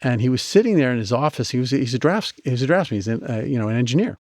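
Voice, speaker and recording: Male guest, animated storyteller, restarts a lot, mid pitch, dry close mic. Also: rapid-fire, no echo. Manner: animated, chatty, with many restarts. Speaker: guest, medical device inventor. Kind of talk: storytelling in a podcast interview.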